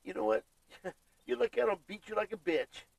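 A man's voice: high-pitched, big pitch swings, brisk, vocal fry, a little mellow, no echo, rough recording. A man who is a passer-by, talking in an aggressive, cursing, confrontational way.

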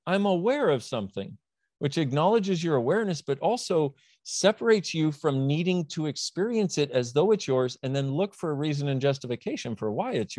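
A man as an interview guest, explaining his ideas in a lively, emphatic way and acting out little back-and-forth dialogues. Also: on the high side, no echo, clean studio sound. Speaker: guest, self-help author. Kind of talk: animated conversational explaining.

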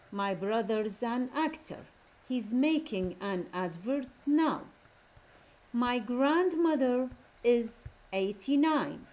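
Very slow-paced teacher, repeating words. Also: female voice, a little high, darkish tone, poor audio. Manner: slow, repeats each word several times; switches to Arabic to explain terms. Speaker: English teacher. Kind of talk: recorded classroom lesson.

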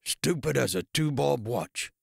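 A male narrator voicing a giant, gruff tattooed thug who talks in terse grumbles. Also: medium pitch, lively intonation, a little slow, no room sound, studio quality, heavily acted.

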